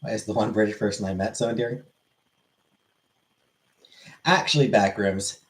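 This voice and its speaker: A man with a fairly low voice chats on a live stream and answers viewers' questions one after another. He talks in a loose, offhand way and swears freely. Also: moderate pace, low-quality recording. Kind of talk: casual live stream chat.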